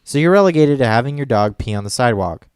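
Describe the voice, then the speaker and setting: A man's voice: mid-range voice, expressive, quick pace, a little mellow, smooth, dry recording, studio quality. A man telling a story in casual chat as a podcast co-host, rambling and profane, full of fillers and restarts.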